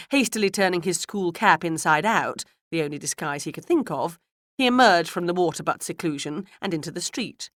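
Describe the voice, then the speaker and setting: A woman narrating a children's storybook in a measured, expressive way. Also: lowish voice, no echo, studio quality. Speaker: audiobook narrator.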